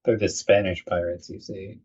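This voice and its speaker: A man co-hosting a casual podcast chat, jokey and quick to act out characters. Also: deep voice, little pitch movement, a little mellow, breathy edge. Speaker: podcast co-host. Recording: dull lo-fi recording.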